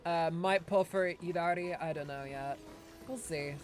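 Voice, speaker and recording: A man's voice: a little high, a little slow, soft background music. A man from Ireland, chatting casually and rambling as he streams a game, swearing and laughing often. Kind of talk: casual livestream chat.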